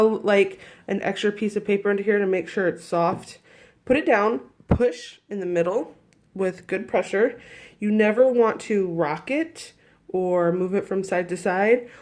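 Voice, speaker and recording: A woman's voice: mid-range voice, a little mellow. A woman with a groggy morning voice, chatting casually through a crafting demonstration with lots of fillers and restarts. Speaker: crafting tutorial host.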